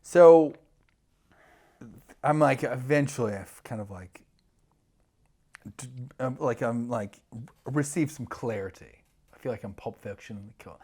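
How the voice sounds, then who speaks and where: A middle-aged man telling a long story in an animated way, full of fillers and restarts, acting out the other people's voices. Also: medium pitch, a little slow, pauses often, slightly rough. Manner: rambling, many fillers and restarts, acts out voices. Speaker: podcast guest, TV producer.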